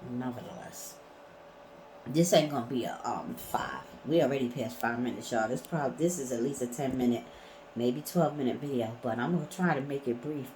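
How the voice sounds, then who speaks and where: A woman's voice: very deep voice, darkish tone, slight background noise, rough recording. A woman vlogging in a casual storytelling way, blunt and emphatic, swearing freely.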